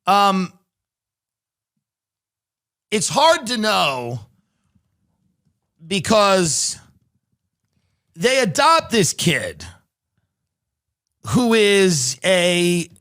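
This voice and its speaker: A man's voice: sits high, big pitch swings, drawn-out words, long pauses, a bit bright. A man hosting a podcast, reading news articles aloud and riffing on them with sardonic comedic commentary. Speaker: podcast host.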